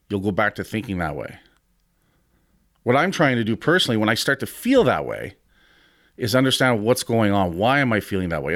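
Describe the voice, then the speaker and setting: A man in his fifties speaks in a fairly low voice, close and dry with no room sound. He talks as a podcast host giving casual motivational advice, blunt and frank with the odd swear word. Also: fairly bright tone, no room sound. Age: 50s. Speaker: podcast host and gym owner.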